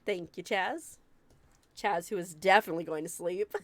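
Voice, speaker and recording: A woman chatting casually with viewers during a live game stream, excitable and quick to gasp and laugh. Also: fairly low pitch, music in the background. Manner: excitable, gasping and laughing often. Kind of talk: casual live-stream chat while gaming.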